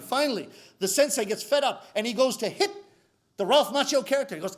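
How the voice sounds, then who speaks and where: Animated, high-voiced comic storyteller man. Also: fast talker. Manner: animated and theatrical, addresses the audience. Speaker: rakugo storyteller. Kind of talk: live comic storytelling performance.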